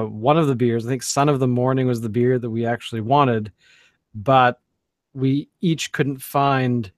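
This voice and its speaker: A man's voice: mid-range voice, no room sound. A man co-hosting a casual beer podcast, rambling with many fillers and restarts. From Canada. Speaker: podcast co-host. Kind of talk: casual chat.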